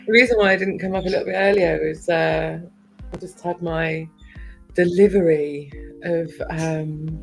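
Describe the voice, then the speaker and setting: A woman with a posh English accent talks in a low, unhurried voice, chatty and quick to laugh, with plenty of little fillers. Faint music plays behind her. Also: poor audio. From United Kingdom. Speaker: guest on a livestream chat. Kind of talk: casual chat.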